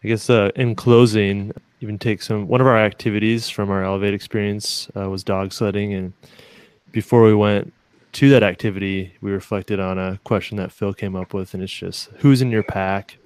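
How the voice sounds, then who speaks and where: Really deep-voiced dude, dry close mic, earnest and thoughtful. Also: male voice, flat delivery, normal speed, a little mellow, smooth, no room sound. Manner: earnest, reflective. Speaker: podcast co-host. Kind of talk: casual faith chat.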